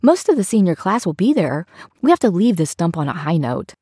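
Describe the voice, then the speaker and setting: Woman doing a blunt teenage schoolgirl, frank and casual, low-ish voice. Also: very animated, brisk, dark tone, slightly rough, dry recording, studio quality. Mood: chatty. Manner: frank, casual teen talk. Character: teenage girl classmate, blunt and bold.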